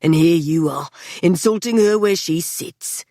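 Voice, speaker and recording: A woman reads a young man in a storybook audiobook who stays calm and casual while hinting at malice. His voice sits a touch low, and the sound is dry and close. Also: unhurried, dry recording. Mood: calm, menacing. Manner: casual, even-tempered, veiled threat.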